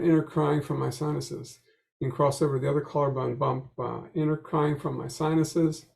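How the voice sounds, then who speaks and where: A man with a strongly gravelly, slightly raised voice walks listeners through a tapping routine. He speaks slowly, with frequent fillers, and repeats the same affirmation phrases in a steady chant. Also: a little high. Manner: slow, halting delivery with frequent "uh" fillers. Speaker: EFT tapping coach. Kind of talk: guided tapping instruction.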